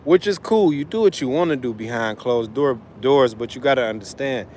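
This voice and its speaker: A man's voice: mid-range voice, normal speed, a little mellow. Dude ranting on his livestream, loose and cussing a lot, faint traffic hum behind him. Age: adult father of school-age kids. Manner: loose, profane, rambling and emphatic. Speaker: livestream host, trucker. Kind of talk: casual livestream chat.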